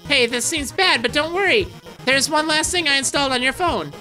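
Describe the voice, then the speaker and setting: An excitable lizard scientist, voiced by a woman pitches up and hurries through her lines, eager to sound brave. The tone is bright and a little tense. It plays like game dialogue read aloud with nerdy enthusiasm. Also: fairly quick, faint music behind. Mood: reassuring.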